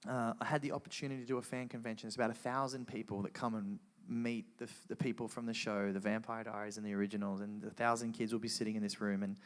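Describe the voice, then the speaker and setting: A man telling an emotional personal testimony to a live audience, earnest and animated, with frequent restarts. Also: lowish voice, quick pace, few pauses. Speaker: guest speaker sharing testimony.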